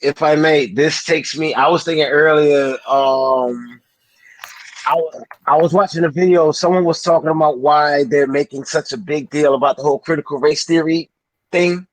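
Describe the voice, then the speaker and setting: A man's voice: fairly high pitch, fairly even intonation, normal speed, dry recording, poor audio. Man politely cutting in, dry sound. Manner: polite, hesitant to cut in. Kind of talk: casual podcast chat.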